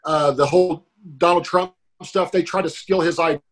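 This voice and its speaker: A man's voice: a little high, fairly even intonation, moderate pace. A man co-hosting a podcast, chatting casually and making wry joking asides. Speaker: podcast co-host. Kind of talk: casual chat.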